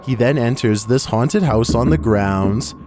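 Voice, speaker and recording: A man giving scripted narration for a horror countdown video, with measured, wry commentary. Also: mid-range voice, background noise. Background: background music.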